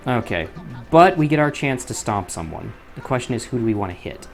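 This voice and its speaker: A man's voice: mid-range voice, sing-song, fairly quick, faint music behind. A young man commentating his own gameplay, often frustrated, swearing and muttering to himself. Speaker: gaming YouTuber.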